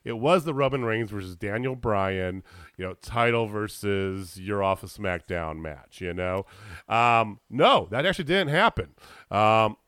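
Guy ranting on a podcast, super animated pitch, swears a lot, dry close sound. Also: a little slow, smooth, no echo. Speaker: podcast co-host. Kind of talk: casual wrestling chat.

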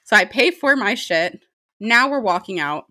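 Animated, bright-voiced young woman telling a story. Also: mid-range voice, normal speed. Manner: animated, swears freely, laughs often. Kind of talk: casual storytime monologue.

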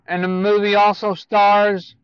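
A man giving casual movie news to viewers, speaking in a halting way with self-corrections and asides. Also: high voice, level tone, clear, resonant tone, no room sound, highs cut off.

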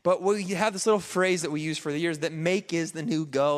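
Man, pastor, sermon, conversational, rhetorical questions, high voice, long hall echo. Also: expressive, a little fast, hardly any pauses.

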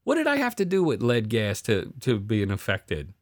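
Brief: low-voiced male podcast co-host, lively swooping delivery, ranting and profane, dry close mic. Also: moderate pace, no echo. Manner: ranting, sarcastic, swears a lot. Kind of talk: profane casual chat.

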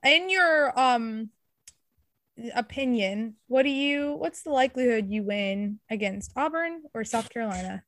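A woman's voice: fairly high pitch, lively intonation, unhurried, a bit bright, dry recording. A woman co-hosting a podcast, playful and giggly in casual chat. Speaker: podcast co-host.

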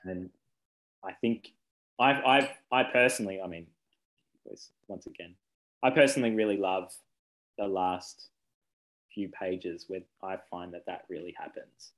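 Man, thirties, low-pitched, rambling, self-correcting, laughs easily, author interview. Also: steady tone, measured pace, long pauses, a bit bright, rough recording. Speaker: children's book author. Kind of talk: casual interview chat.

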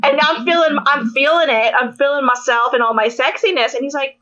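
A woman co-hosting a podcast, telling stories in a casual, animated way with frequent laughter. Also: high voice, fairly quick, hardly any pauses, highs cut off. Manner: animated storytelling, squealing and laughing often. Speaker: podcast co-host. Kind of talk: casual chat.

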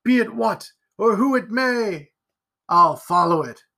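A man voicing a brave middle-aged gentleman in an audiobook, speaking in urgent, loud exclamations. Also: high voice, animated, slow pace, exaggerated voice. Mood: resolute. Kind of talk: audiobook character reading.

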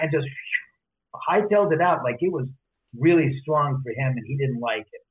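A man telling stories as an interview guest, lively, acting out the voices of people he quotes. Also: on the high side, normal speed. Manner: animated, acts out quoted voices. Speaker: author and guest. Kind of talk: casual storytelling interview. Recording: tinny phone-line audio.

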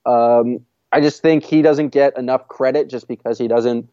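A man's voice: medium pitch, clean tone, no room sound. Easygoing man on a slightly muffled mic. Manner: relaxed, easygoing, with many "uh" pauses. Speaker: podcast co-host. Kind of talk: casual sports podcast chat.

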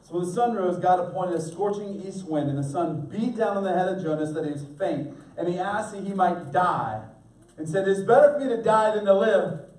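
Man, pastor, sermon, high voice, animated, playful voices, echoey room, distant mic. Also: brisk. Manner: animated, acts out voices for humor.

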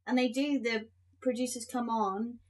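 A young woman co-hosting a podcast, chatting casually and telling short anecdotes in a relaxed way. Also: a little high, moderate pace. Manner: relaxed, brief reactions and anecdotes. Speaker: podcast co-host. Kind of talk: casual chat.

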